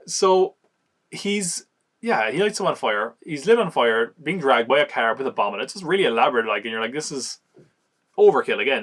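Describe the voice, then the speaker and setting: A man casually reviewing an action movie on a podcast, chatty and amused, recapping scenes and acting out quick quotes. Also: medium pitch, fairly bright tone.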